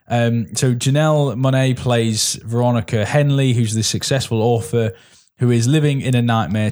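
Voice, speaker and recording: A man talking through a film in a casual review chat. He rambles, restarts his sentences and trails off as he searches for the right words. His pitch sits in the ordinary middle for a man. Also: a little mellow. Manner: rambling, frequent restarts and hesitations. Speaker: podcast co-host.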